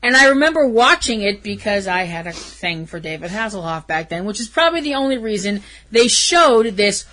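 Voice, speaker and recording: A woman's voice: medium pitch, sing-song, a little fast, hardly any pauses, bright, forceful tone. A woman co-hosting a podcast, ranting emphatically in a casual movie review chat. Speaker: podcast co-host.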